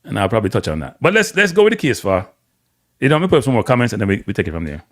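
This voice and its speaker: A Jamaican man talks on a live stream, blunt and opinionated, his pitch jumping up and down as he gets worked up. He swings between thick patois and standard English. The sound is close and dry, with hardly any room around it. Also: big pitch swings, racing, a bit bright, no echo. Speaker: host. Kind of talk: casual live-stream commentary.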